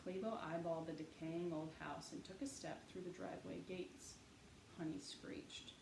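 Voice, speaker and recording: A woman narrating an audiobook in an expressive storytelling manner. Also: lowish voice, normal speed, vocal fry. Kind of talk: audiobook reading. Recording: echoey room, faint hiss.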